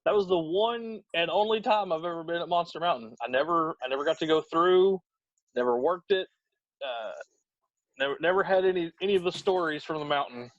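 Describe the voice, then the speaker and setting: Casting: guest reminiscing, relaxed, slightly high voice, muffled dry audio. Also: male voice, fairly quick, no room sound. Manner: relaxed, reminiscing, short replies. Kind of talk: casual chat.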